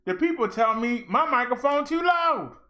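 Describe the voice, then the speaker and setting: A middle-aged man hosting a wrestling review show, ranting in a blunt, animated, trash-talking way. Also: very high-pitched, moderate pace.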